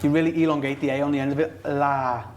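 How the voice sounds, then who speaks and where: A man with a Liverpool Scouse accent, teaching slang phrases in a clear, instructive way. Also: on the high side, flat delivery, rapid-fire, noisy background. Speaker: accent teacher in a video clip. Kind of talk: explaining slang.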